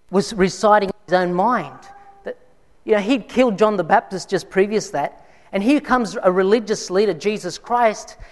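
A man preaching a sermon in a church, telling a personal story in a conversational way with frequent restarts. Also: sits high. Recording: long hall reverb.

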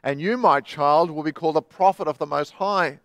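An Australian pastor preaching in church, his voice sitting a little higher than most men's. He reads dramatically, swinging between loud and hushed, quick and slow. The sound is dry and close. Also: no room sound. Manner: dramatic reading with wide swings in loudness and pace. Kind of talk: sermon.

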